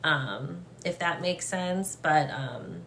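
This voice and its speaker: A young adult woman does a live-streamed psychic reading in a low, gentle voice. She talks haltingly, with many fillers and restarts, and turns emotional at times. A faint ambient hum sits behind her on a phone mic. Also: lively intonation. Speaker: medium.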